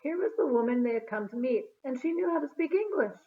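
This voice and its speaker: A woman reading a children's chapter book aloud in an expressive, storytelling manner. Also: high voice, quick pace. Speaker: storybook reader. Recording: phone-like narrow sound.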